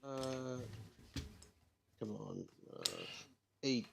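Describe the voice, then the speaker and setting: A man's voice: mid-range voice, extremely slow, creaky, a little hiss or hum. A man playing in a tabletop game, giving short offhand replies. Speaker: player.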